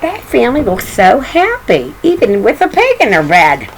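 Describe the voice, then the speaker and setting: A woman's voice: fairly high pitch, huge pitch swings, normal speed, slight background noise, rough recording. An older woman reading a picture book aloud to children, chatting affectionately and pointing out the pictures. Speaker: story reader.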